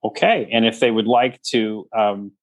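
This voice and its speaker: A man's voice: fairly low pitch, fairly even intonation, normal speed, dry recording. A man hosting a casual podcast chat, teasing his guests with wry banter. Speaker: podcast host.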